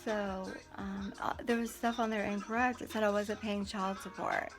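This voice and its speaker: A woman's voice: medium pitch, fairly even intonation, moderate pace. Woman venting to the camera, blunt and fed up, chatty, music going behind her. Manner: blunt, indignant, talkative. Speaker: vlogger. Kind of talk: casual storytelling to camera.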